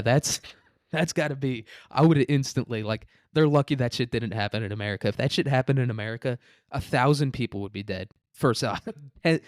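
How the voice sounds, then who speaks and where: A man's voice: mid-range voice, no echo, studio quality. A young man hosting a profane, rambling comedic commentary on news stories. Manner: rambling, crude, laughing. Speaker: host.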